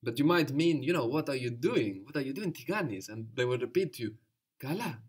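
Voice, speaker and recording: Male teacher, calm and patient, walks a student through phrases step by step. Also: medium pitch, fairly quick, slightly rough. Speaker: language teacher. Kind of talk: guided language lesson.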